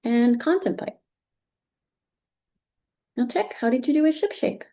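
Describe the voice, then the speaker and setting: A woman's voice: on the high side, animated, measured pace, mellow. A woman leading a recorded teacher training, walking through examples patiently and encouraging with frequent praise.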